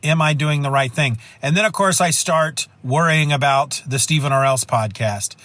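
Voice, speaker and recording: Recorded on a phone with no echo, a man hosts his own casual podcast alone, talking in a rambling, loose manner full of self-mocking rants. His voice is mid-range with a fairly bright tone.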